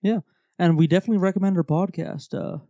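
Man, high voice, podcast co-host, dry close mic, upbeat chat. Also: dark tone, dry recording. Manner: brisk and upbeat, reads the show's plugs.

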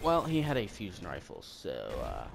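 A man giving chatty, excitable commentary while he plays a game, often breaking into sudden exclamations. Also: on the low side, normal speed, creaky, slight background noise. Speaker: gamer. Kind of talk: casual gameplay commentary. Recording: game audio mixed with loud music. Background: game music.

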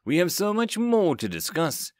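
A man's voice: sits high, wildly swooping pitch, no echo, clean studio sound, voice pushed up. A man reading a formal robotic greeting. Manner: formal, measured. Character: robotic-sounding recorded alien greeting message.

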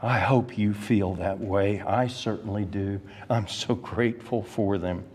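In a church hall with long reverb, a man teaches an adult Sunday school class, emphatic and rising sharply on key words as he puts questions straight to the class. His voice is on the low side, unhurried and darkish, with fairly even intonation and a little hiss or hum.

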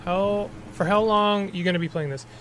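A male streamer with a slightly high voice, talking casually through a game, often backtracking mid-sentence. A noticeable rumbling noise sits under his voice. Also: moderate pace, fairly bright tone. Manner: chatty, rambling with restarts. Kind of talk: casual gameplay commentary.

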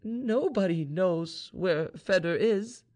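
A man voicing a heartbroken young woman, a general's daughter, in a soft, trembling murmur. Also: high-pitched, big pitch swings, unhurried, voice pushed up, exaggerated voice. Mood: hollow.

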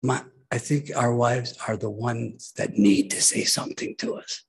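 A male pastor delivering a sermon in church with a gravelly, husky voice. He preaches emphatically and keeps urging the congregation to listen. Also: medium pitch, fairly even intonation, unhurried.

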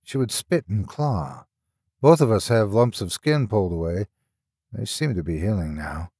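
A man's voice: fairly low pitch, mellow, husky, no room sound, clean studio sound, pitched below the performer's own voice. A man doing a weary, guilt-ridden man. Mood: explaining. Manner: slow, subdued and halting. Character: weary, guilt-ridden middle-aged man, quietly explaining.

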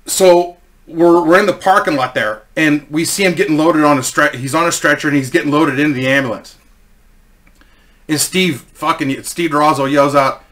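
Forties guy rambling thru a profane story, bright voice, a bit high. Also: moderate pace. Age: 40s. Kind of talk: casual storytelling.

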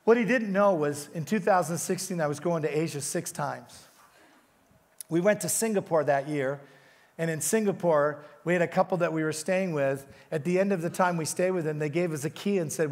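A man delivers a sermon in a church, his fairly high voice carrying through a long hall reverb. He tells stories with animation and coaxes his congregation to lean in. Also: normal speed. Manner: animated storytelling, coaxing the congregation. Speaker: guest pastor. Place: church sanctuary.

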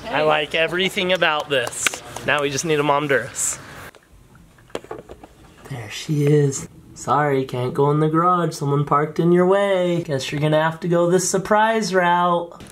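A man hosting a casual vlog in a backyard, upbeat and excitable. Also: a little high, a little slow, background noise. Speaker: vlogger host. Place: outdoor backyard. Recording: crowd chatter nearby.

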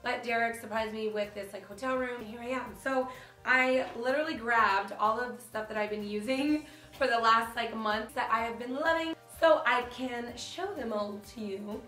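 A young woman chatting casually to the camera as a beauty vlogger, animated and full of fillers like "like", filmed in a hotel room. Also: a little high, normal speed. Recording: echoey room with faint music.

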